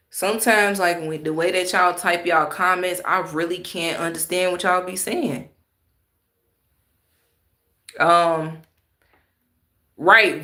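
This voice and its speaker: A woman's voice: fairly low pitch, a bit bright, roomy sound. A woman talking bluntly and emphatically in casual slang while commenting on a livestream and answering chat.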